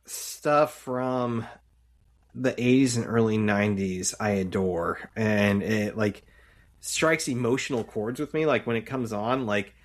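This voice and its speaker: A man's voice: on the low side, a little slow. Chatty male podcast co-host. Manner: chatty, recaps scenes with many fillers. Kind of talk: casual rewatch podcast recap.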